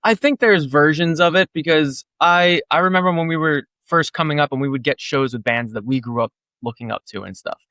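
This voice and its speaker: A man's voice: a little high, fairly even intonation, brisk, few pauses, bright, forceful tone, no room sound. A man in his thirties from New Jersey, a guest musician chatting casually in an interview, rambling with lots of "like" and acting out quotes. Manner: rambling, heavy "like" fillers, acts out quotes.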